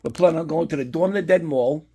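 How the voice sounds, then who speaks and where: A man's voice: on the high side, fast talker, mellow, slightly rough. A middle-aged man chatting casually and rambling through a profane story as he shows off horror collectibles. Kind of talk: casual unboxing chat.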